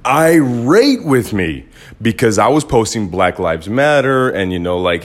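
A man in Los Angeles hosts his own podcast, delivering a blunt, casual monologue with some swearing. His voice is mid-range and measured, and he gets animated when quoting others.

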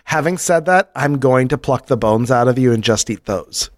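A man voicing a thin-skinned female monster who eats bones, talking quickly in a whiny, menacing way. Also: medium pitch, expressive, no room sound, clean studio sound, natural voice. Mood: hurt, menacing. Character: touchy bone-eating female desert monster.

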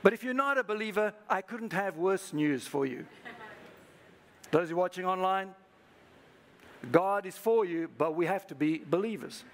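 A man's voice: sits high, animated, normal speed, pauses often, a little hiss or hum. A man preaching a sermon as pastor to a live congregation, prompting the listeners to repeat phrases back to each other. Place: church service.

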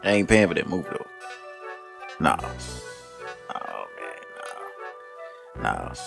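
A man's voice: a bass voice, sing-song, slow pace, creaky. A man hosting a podcast, talking loosely and profanely in a casual, laughing way. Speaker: podcast host. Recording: music playing underneath.

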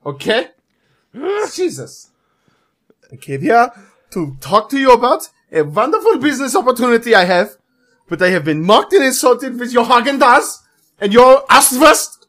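A man's voice: very high voice, sing-song, normal speed, a bit bright, voice pushed up, exaggerated voice. A man voicing a pompous German-accented businessman with a put-on German accent, ranting and indignant. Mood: huffy.

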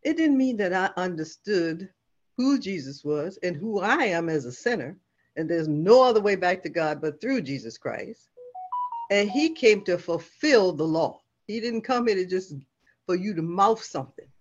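A woman's voice: fairly low pitch, expressive, normal speed, dull audio. A woman who is a church mother, asking earnest questions in a Bible study discussion.

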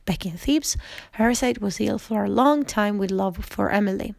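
A woman's voice: mid-range voice, fairly even intonation, moderate pace, vocal fry, no room sound. A woman narrating a storybook reading carefully, with small slips and restarts.

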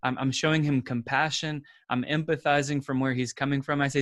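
A man's voice: medium pitch, flat delivery, a little fast, few pauses, fairly bright tone, no echo, clean studio sound. Earnest man, a guest talking. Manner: earnest, repeats words while thinking. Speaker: podcast guest. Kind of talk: casual interview talk.

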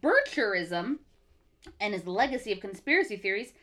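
A woman co-hosting a casual podcast, chatting with lively swearing and reading quotes aloud. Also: mid-range voice, normal speed, noisy background. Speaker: podcast co-host.

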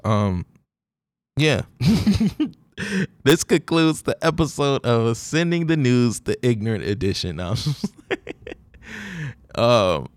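A man with a New Orleans accent hosting a solo podcast in a relaxed, joking way, laughing often and drawing out his slang. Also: mid-range voice, takes it slowly, pauses often, no echo. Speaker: podcast host. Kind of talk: casual solo podcast monologue.

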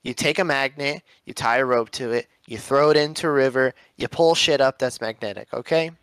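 A man's voice: medium pitch, fairly quick, fairly bright tone, clean tone, no echo. A young man co-hosting a casual podcast, telling stories with a jokey, mocking edge. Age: young adult. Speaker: podcast co-host.

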